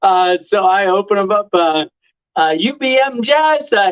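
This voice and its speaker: A man's voice: high voice, animated, measured pace, clear, resonant tone, dull audio. A middle-aged man hosting a casual live stream, telling rambling stories full of "uh" and chuckles. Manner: rambling storyteller, lots of "uh" and chuckles.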